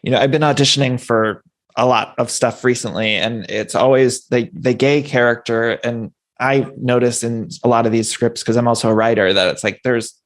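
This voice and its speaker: A podcast host with a medium-pitched, steady voice and a moderate pace chats casually in an interview. He is talkative and enthusiastic, working through his guest's credits with a string of questions.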